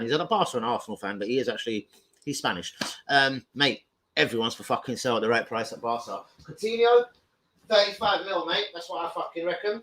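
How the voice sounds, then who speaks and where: A young man ranting live about football to his viewers, loud, sweary and jokey. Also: a little high, low-quality recording. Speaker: football fan livestreamer.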